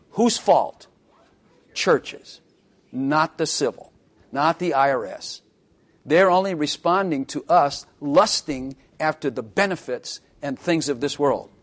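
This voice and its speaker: A man preaching a sermon, emphatic, repeating phrases and asking the congregation questions. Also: a little high.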